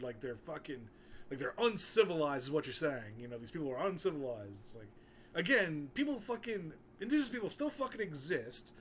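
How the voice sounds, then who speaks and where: A man's voice: fairly high pitch, expressive, a little fast. A man giving an angry, profane rant in a video commentary, swearing constantly.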